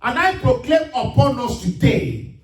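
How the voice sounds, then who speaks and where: A male pastor preaching a sermon, rising to emphatic shouts as he reads scripture. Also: very high-pitched, sing-song, a little slow. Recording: echoey room, mic at a distance.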